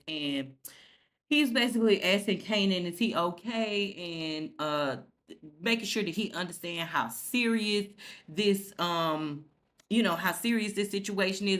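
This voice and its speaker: A woman's voice: on the low side, unhurried. Woman animatedly recapping a TV episode. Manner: animated storytelling, acts out characters' lines, swears freely. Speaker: TV recap host.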